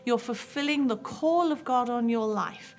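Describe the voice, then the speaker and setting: A woman's voice: on the high side, a little slow, darkish tone. A middle-aged woman pastor, telling a personal testimony in an earnest, heartfelt way over faint music.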